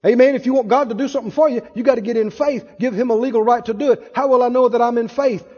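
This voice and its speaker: A male preacher with an unusually high, mellow voice delivers his sermon with emphatic call-and-response. The recording is dull and lo-fi. A long hall reverb trails after every phrase. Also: fairly even intonation, fast.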